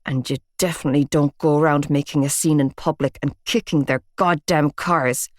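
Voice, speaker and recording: A woman narrator voicing an angry, protective teenage boy with a low, terse, snarling delivery. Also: measured pace, dry recording, clean studio sound. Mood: hissing.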